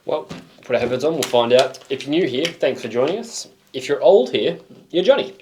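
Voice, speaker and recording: A man's voice: mid-range voice, a little fast, slight background noise. A man with an Australian accent co-hosting a music reaction show, chatting casually and teasing his co-host. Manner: teasing, animated storyteller. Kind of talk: casual chat.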